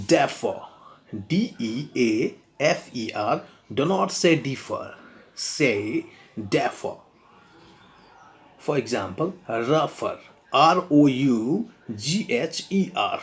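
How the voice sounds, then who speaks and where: A man teaching pronunciation, spelling words out letter by letter and repeating them deliberately. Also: mid-range voice. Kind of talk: pronunciation lesson.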